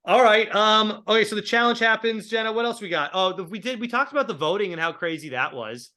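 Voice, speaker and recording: A man's voice: high-pitched, quick pace, pushed and bright. A man co-hosting a casual TV recap chat, talking in a rambling, opinionated way. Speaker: co-host.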